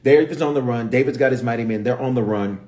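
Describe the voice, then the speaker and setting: A man's voice: medium pitch, fast, a little mellow. A man with a Memphis accent, a bishop giving livestream Bible teaching with slangy storytelling and asides to viewers. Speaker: bishop and pastor.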